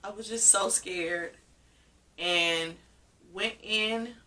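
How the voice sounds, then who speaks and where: A young woman with a bright, clear voice tells a personal story to her vlog audience. She talks casually and with animation, laughing often and leaning on the word "literally". She sits a bit back from the microphone. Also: medium pitch, extremely slow. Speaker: vlogger. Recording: voice a bit far from the mic.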